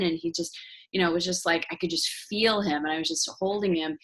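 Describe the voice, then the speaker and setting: A woman in her forties hosting an interview, telling a personal story in an animated way and acting out the voices of the people in it. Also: fairly low pitch, brisk. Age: 40s. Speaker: host. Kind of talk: casual interview chat.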